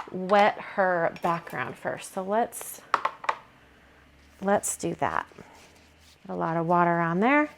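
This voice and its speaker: A woman's voice: medium pitch, a bit bright, a little hiss or hum. A woman hosting a card-making video, talking casually through her painting steps and thinking aloud with frequent fillers. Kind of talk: casual craft tutorial narration.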